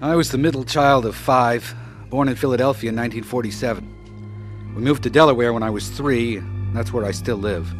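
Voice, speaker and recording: A man's voice: mid-range voice, moderate pace, faint music behind, natural voice. An actor in a radio drama playing a man who narrates his own life story and speaks hesitantly, as though troubled. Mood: reflective.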